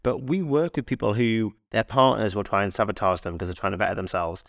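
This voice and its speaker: A male fitness coach co-hosting a casual podcast, chatting in an animated, rambling way full of anecdotes and restarts. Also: lowish voice, brisk, gravelly, dry recording, clean studio sound.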